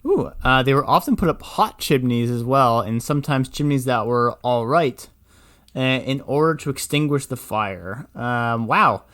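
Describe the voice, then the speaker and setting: Playful young man, mid-pitched. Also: expressive, moderate pace, a bit bright. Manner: playful, acts out silly voices in anecdotes. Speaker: podcast co-host. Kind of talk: casual chat.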